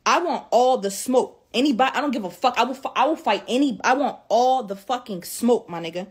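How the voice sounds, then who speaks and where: Brief: woman, slightly high voice, tearful, cursing, repeats lines in a raw defiant vlog rant. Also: fairly quick, husky. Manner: profane, repeats herself, swings between shock and defiance. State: tearful after days of crying. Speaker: social media creator.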